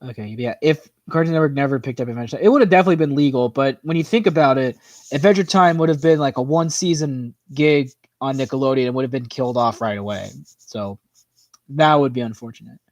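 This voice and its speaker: A man hosting a livestream in a casual, rambling chat, filling his talk with "like" and "you know" as his voice tires and goes hoarse. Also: mid-range voice, no echo. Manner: rambling, full of "like" and "you know", quick laughs. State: voice tiring and hoarse. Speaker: livestream host. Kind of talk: casual chat reacting to viewer comments.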